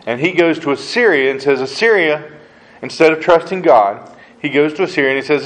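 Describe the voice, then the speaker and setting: A man leads a Bible study in an easy, conversational way, with a voice pitched a little high. He keeps asking rhetorical questions and briefly acts out the voices he quotes. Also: animated, a little fast, low-quality recording. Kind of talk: casual Bible teaching.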